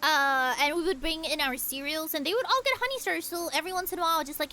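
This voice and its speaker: A woman's voice: sits high, fast talker, few pauses, bright, forceful tone, a little hiss or hum. A young woman streaming a game, chatting casually and rambling through childhood stories with many restarts. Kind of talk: casual chat while gaming.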